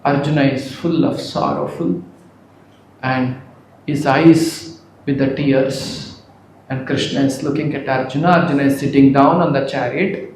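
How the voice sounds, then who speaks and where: A man's voice: mid-range voice, a little hiss or hum. Echoey male preacher. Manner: chants verses, then explains them with emphatic rising bursts. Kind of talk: scripture lecture.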